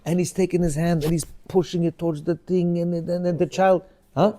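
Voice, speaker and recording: Animated man in his fifties, higher voice. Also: a little fast. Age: 50s. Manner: animated storyteller, acts out dialogue in changing voices; asks listeners rhetorical questions. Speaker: religious class teacher. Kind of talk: informal religious class talk.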